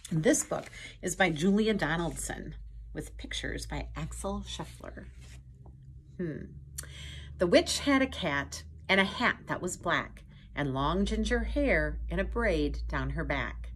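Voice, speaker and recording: A woman reading a picture book aloud to children, pausing to point at pictures and ask them questions in a gentle way. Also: sits low, a little hiss or hum. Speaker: storytime reader. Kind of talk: children's storytime read-aloud.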